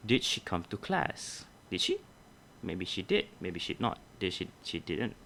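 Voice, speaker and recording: Low-voiced young man teaching methodically. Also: wildly swooping pitch, measured pace, vocal fry, a bit bright, slight background noise. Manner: methodical, explains step by step, corrects himself. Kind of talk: micro-teaching grammar lesson.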